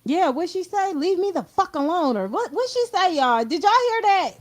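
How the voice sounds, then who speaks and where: A woman's voice: extremely high pitch, lively intonation, moderate pace. A woman hosting a stream, giving blunt, profane gossip commentary on a clip and mimicking the people in it. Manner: mimics the clip in quoted voices. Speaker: stream host. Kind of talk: casual reaction commentary.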